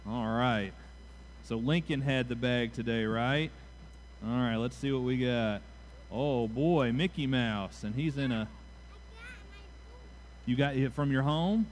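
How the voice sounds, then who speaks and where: A man giving a children's moment during a church service, playful and animated as he draws the kids into call-and-response. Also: mid-range voice, slow pace, long pauses, a little hiss or hum. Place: church sanctuary.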